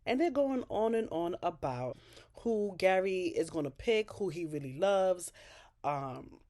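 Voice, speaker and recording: A woman casually recapping a TV episode, talking in an animated, slangy, profane way. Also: fairly low pitch, unhurried. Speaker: TV show recapper.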